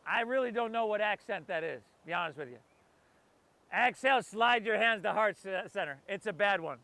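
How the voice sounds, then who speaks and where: Man, yoga instructor, high bright voice, jokey and loose between breath cues, class by the ocean. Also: moderate pace. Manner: playful, joking asides between breath cues. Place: outdoors by the ocean.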